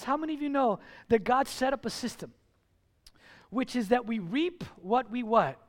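High-voiced animated male pastor preaching. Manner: animated preaching, slows and stresses key phrases, acts out dialogue. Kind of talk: sermon. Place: church.

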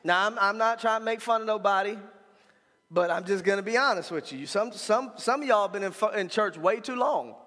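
A man preaching a sermon as pastor, talking frankly and colloquially and building to shouts. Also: high voice, brisk, long reverb tail.

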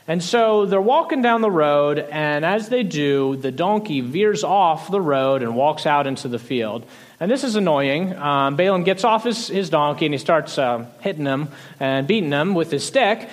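Animated male preacher retelling a story. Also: on the high side. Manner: animated storytelling, frequent restarts, soft trailing endings. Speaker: pastor. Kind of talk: sermon retelling a Bible story.

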